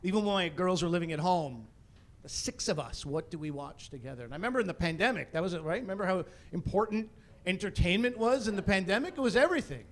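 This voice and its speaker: A man in his forties performing a stand-up comedy routine on stage, telling stories with animated delivery that climbs into mock-indignant rants. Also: sits high, quick pace. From Canada. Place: comedy stage before a live audience.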